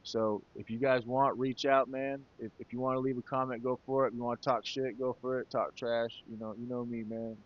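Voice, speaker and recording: A man's voice: mid-range voice, level tone, brisk, hardly any pauses, lo-fi sound. Laid-back swearing man in his thirties. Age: 30s. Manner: laid-back and heartfelt, swears freely, calls listeners man and brother. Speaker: podcast host. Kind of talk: casual solo talk.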